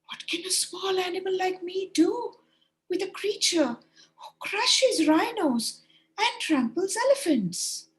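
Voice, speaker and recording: A small storybook hare cries out in fright, pitched high and drawn out slowly. A woman reading aloud puts on the voice, letting the fear show. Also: animated, exaggerated voice, rough recording. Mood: frightened. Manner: high, fearful crying.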